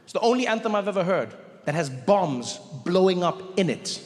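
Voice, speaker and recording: A South African man doing stand-up in a high, lively voice, mocking and conversational on a handheld mic. His voice rings through a long hall reverb, with faint audience ambience in the background. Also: moderate pace, a little hiss or hum. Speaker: stand-up comedian. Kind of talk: stand-up comedy set.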